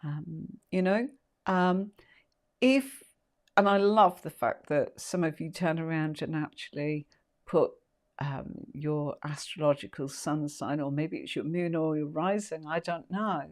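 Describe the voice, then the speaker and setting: A woman's voice: low-pitched, unhurried. A woman teaching tarot on a casual live stream, chatty and rambling, full of fillers and asides.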